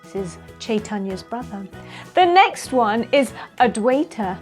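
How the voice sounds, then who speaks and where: A woman telling a story to children in a playful, expressive way, speaking directly to her young listeners. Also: a little high, a little slow. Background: faint music.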